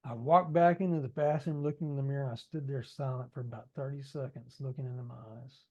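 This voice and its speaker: A man's voice: mid-range voice, steady tone, fast talker, few pauses, darkish tone, highs cut off. A man reading his own book aloud in a conversational way, adding asides and speaking straight to listeners. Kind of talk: audiobook narration with ad-libbed asides.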